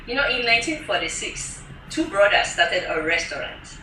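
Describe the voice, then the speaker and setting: Guest speaker, woman, bright voice, animated testimony, off-mic in an echoey room. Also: mid-range voice, moderate pace, far from the mic, a little hiss or hum. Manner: animated, acts out what others said. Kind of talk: personal testimony storytelling. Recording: roomy echo from off-mic.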